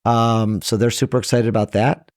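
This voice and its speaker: A man's voice: fairly low pitch, flat delivery, moderate pace, no echo, studio quality. A man, a trial lawyer guest on a podcast interview, speaking earnestly and emotionally, his voice rising when he stresses a point.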